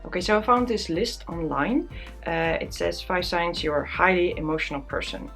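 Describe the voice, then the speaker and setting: A young woman vlogs in a casual, self-deprecating way, her voice a touch lower than most. She is tearful and close to crying, yet keeps laughing at herself. Soft music plays faintly underneath. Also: moderate pace. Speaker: vlogger. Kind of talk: casual chat to camera.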